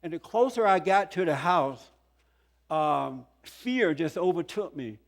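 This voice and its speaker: An older man in his sixties tells his own story to a conference audience. His voice sits a touch high for a man, and he speaks earnestly, with chuckles and emphatic peaks. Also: animated, unhurried, gravelly. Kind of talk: testimony talk to a conference audience. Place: conference hall.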